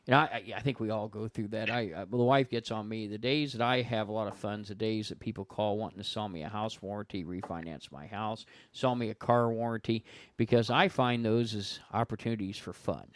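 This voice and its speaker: A man's voice: on the low side, fairly quick, no echo. A man, a guest paranormal investigator and author, telling stories in casual chat and acting out the voices of the people he quotes. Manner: animated storyteller who acts out quoted voices.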